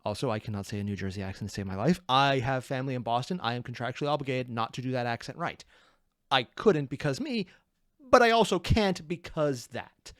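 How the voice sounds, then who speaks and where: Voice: medium pitch, brisk, dry recording, clean studio sound. A person hosting a reaction video, chatting casually, laughing often and cutting themselves off mid-thought. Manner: excitable, laughing, self-interrupting.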